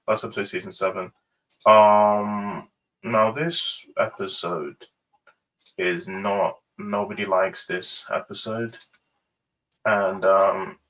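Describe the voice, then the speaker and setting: A man hosting a casual ranking review, rambling and hesitant with many pauses and fillers. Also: fairly low pitch, fairly bright tone, recorded from a distance, low-quality recording. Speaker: host.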